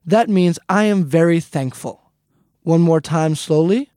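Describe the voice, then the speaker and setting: A man's voice: on the high side, a little slow, warm tone, dry recording, studio quality. A man teaching a casual language lesson, friendly and repetitive, often calling the listeners "guys". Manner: friendly, repeats points, calls listeners "guys".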